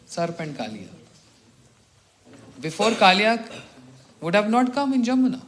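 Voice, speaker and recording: A middle-aged man from India, a monk telling stories in a morning talk who chuckles often and clears his throat. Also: high-pitched, big pitch swings, measured pace, noisy background. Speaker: monk teacher.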